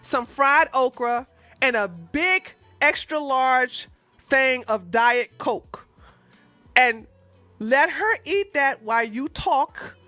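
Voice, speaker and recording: Animated high-voiced woman mocking a clip. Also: no room sound. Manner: sarcastic and profane, with loud laughs and sudden shouts. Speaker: reaction commentator. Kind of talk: mocking reaction commentary.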